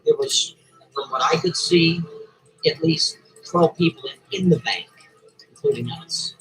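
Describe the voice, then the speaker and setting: A man's voice: a little high, unhurried, fairly bright tone, rough recording. A man telling a story casually in a rambling way, often checking in with his listeners. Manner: rambling, asks listeners "right?" and "see?".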